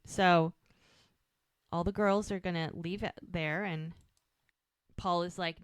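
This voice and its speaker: Smooth-voiced woman recapping a show. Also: no echo, studio quality. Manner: animated recapping, acting out lines with quick shifts in pitch. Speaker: podcast co-host. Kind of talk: casual rewatch recap.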